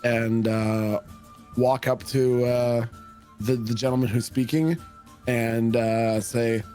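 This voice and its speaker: A man playing a tabletop game, slowly describing what his character does, with pauses. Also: medium pitch, fairly even intonation, warm tone, soft background music. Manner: measured, halting. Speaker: player.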